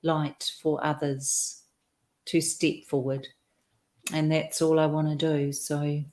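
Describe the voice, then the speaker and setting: A woman speaks slowly and deliberately, letting each phrase land. Her voice sits lowish for a woman and her tone is affirming. It is an unhurried interview exchange. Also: flat delivery, darkish tone. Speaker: guest. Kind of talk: conversational interview.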